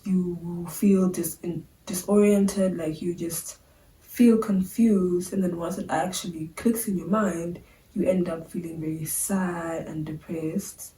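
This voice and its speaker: Young woman chatting candidly to camera, lowish mellow voice, kinda echoey and far off. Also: steady tone, takes it slowly, a little hiss or hum. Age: young adult. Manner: chatty, filler-heavy, candid. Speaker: vlogger. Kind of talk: casual talk to camera. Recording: roomy sound, a bit far from the mic.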